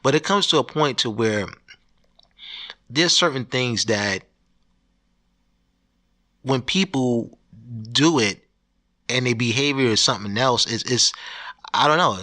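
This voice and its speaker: A man's voice: mid-range voice, animated, a little slow, pauses often, bright, forceful tone. A man hosting his own podcast, ranting in a loose, profane, rambling way with many restarts. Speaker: podcast host. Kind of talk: solo podcast rant.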